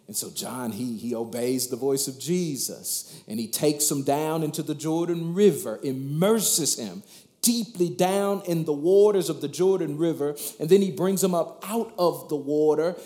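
A man's voice: on the high side, mellow, reverberant. A man preaching a sermon as pastor, emphatic, asking rhetorical questions and often repeating words as he builds.

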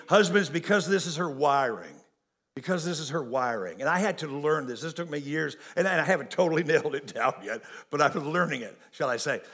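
A middle-aged man preaching a folksy, animated sermon and speaking straight to his congregation. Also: on the high side, fast talker, gravelly. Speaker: pastor.

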